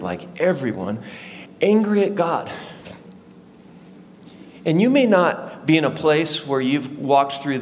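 Man preaching in a reverberant church hall. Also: mid-range voice. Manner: conversational, asks the congregation questions. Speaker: lead pastor. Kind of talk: sermon. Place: church sanctuary before a live congregation. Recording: long hall reverb, faint background noise.

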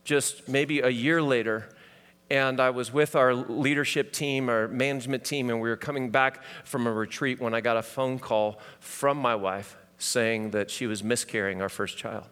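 A middle-aged male pastor preaching a sermon, telling personal stories that swing from loud to hushed. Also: medium pitch, fairly even intonation, normal speed. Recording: hall reverb.

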